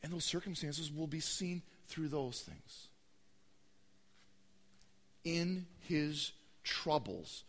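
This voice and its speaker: A young man preaching a sermon, telling stories with lively acted-out voices. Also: on the high side, slow pace, pauses often. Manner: animated storytelling, acting out voices. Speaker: pastor. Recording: long hall reverb.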